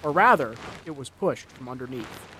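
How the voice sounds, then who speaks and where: A man's voice: mid-range voice, moderate pace, a little hiss or hum. Dramatic male storyteller over faint thunder. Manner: dramatic, expressive reading. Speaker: narrator. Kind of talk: storybook narration.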